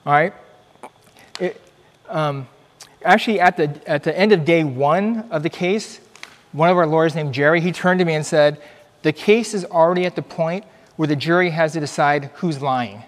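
A man's voice: a little high, normal speed. Earnest man speaking in a reverberant hall. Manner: earnest, conversational, animated storytelling. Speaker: physician giving a church talk. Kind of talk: church presentation, personal testimony.

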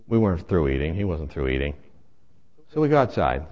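A man telling a comic personal story in an animated way, acting out voices and laughing as he goes. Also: low-pitched, fairly quick, lo-fi sound.

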